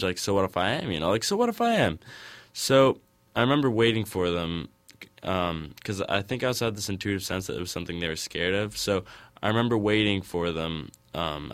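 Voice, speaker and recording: A man's voice: sits low, a bit bright, no echo. A young man telling a personal story in an interview, hesitant and full of restarts.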